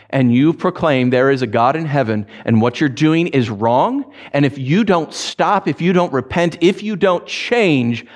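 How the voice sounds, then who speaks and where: A man preaching a conversational livestreamed sermon as a pastor, often restarting phrases and moving from emphatic peaks to quiet, low stresses.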